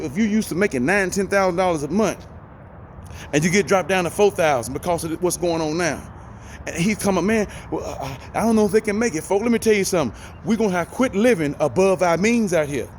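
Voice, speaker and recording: A man's voice: sits high, a little hiss or hum. A middle-aged man giving folksy, preachy life advice in a casual motivational talk, repeating phrases for emphasis, talking from inside a vehicle.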